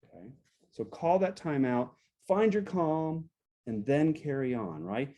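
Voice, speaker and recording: Man, workshop talk, very mellow dark tone, acts out sample phrases. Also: a little high, a little slow. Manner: explains step by step, often checks in with "right?"; acts out sample phrases to show a calm and an angry tone. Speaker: guest speaker on relationships. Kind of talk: workshop talk to a support group.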